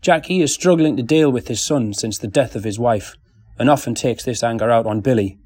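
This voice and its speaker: A man in his late forties from County Durham with a northeast English accent, giving a plain, steady scripted self-description as a stage actor. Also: mid-range voice, a little fast, breathy edge, dry recording. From County Durham, northeast England. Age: 40s.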